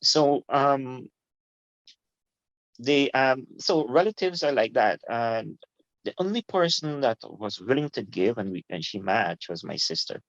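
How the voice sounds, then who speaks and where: A middle-aged man, a guest telling his story in an animated, informal way and laughing easily. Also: mid-range voice, a little slow, dry recording. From Guyana. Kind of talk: casual interview storytelling. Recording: dull lo-fi, dry.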